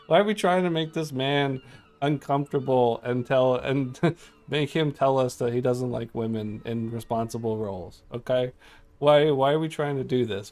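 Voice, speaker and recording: Young guy streaming a game, chatty, keeps giggling, reads the dialogue out loud. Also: mid-range voice, gravelly. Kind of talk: casual gaming commentary.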